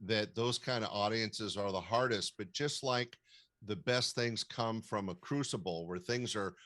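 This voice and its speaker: An older man, a comedy club owner, giving advice in a measured, storytelling interview with frequent fillers. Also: fairly low pitch, a bit bright. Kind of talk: casual interview talk, advising.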